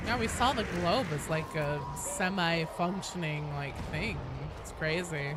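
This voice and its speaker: A woman's voice: lowish voice, measured pace. A young woman streaming a game, chatting casually with her chat, answering viewers and swearing now and then. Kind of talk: casual live-stream chat while gaming. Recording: steady background noise behind voice.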